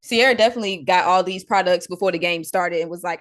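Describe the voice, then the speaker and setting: A woman's voice: on the low side, fast talker, fairly bright tone. A woman hosting a podcast in casual chat, teasing her co-hosts playfully. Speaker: podcast host.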